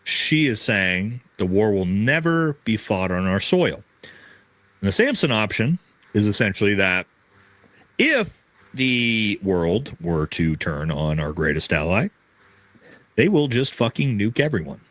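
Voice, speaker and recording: An incredulous man rants through his commentary, swearing freely as his pitch swings up and down. His voice is close and dry, with no room sound around it. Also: very animated, measured pace, a bit bright, dry recording. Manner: profane, incredulous ranting. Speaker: political commentator. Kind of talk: commentary on a clip.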